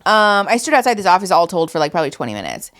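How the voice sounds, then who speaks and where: A woman's voice: fairly low pitch, racing. A woman hosting a podcast, telling a story in casual chat, swearing often and acting out what people said. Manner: animated storyteller, swears often, acts out quotes. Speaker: podcast host.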